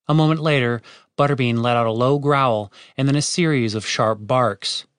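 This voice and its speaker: A man narrating a fantasy audiobook chapter with expressive storytelling. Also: medium pitch, moderate pace, clear, resonant tone, no echo, studio quality. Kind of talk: scripted narration.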